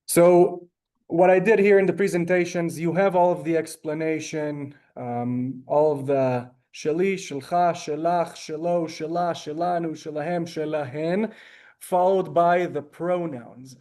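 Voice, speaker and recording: A man's voice: on the high side, fairly even intonation, a little slow, mellow. A man teaching a Hebrew class over a video call, talkative and courteous, often apologizing and saying ma'am. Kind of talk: online class lecture.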